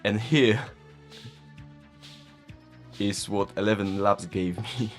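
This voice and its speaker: A man's voice: lowish voice, slow. A man with a Polish accent, whose first language is Polish, chatting casually about tech and often chuckling at himself. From Poland. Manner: chuckling, self-mocking. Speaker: tech vlogger. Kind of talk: casual chat. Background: faint background music.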